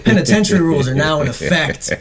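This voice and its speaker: A man's voice: a little high, expressive, fast, a crowd in the background. A young man hosting a casual podcast chat, rambling, profane and often laughing. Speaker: podcast host.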